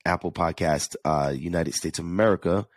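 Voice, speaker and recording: A man's voice: low-pitched, normal speed, dry recording. A man with a New York–New Jersey accent hosting a casual solo podcast, chatty and earnest, often restarting and repeating words. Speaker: podcast host.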